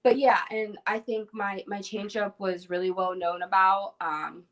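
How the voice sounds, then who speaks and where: A young woman speaks casually as an interview guest over a video call. She talks in a chatty, easygoing way, full of "like" and "um," and breaks into light laughs. Her pitch sits at a middle height for a woman. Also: steady tone, measured pace, fairly bright tone. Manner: chatty, many fillers and laughs. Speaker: guest, former softball pitcher. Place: room at home.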